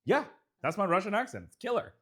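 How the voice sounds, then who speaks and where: A man's voice: high-pitched, very animated, fast, slightly rough, pitched above the performer's own voice, exaggerated voice. A man doing a playful, hammy mock Russian accent during podcast banter.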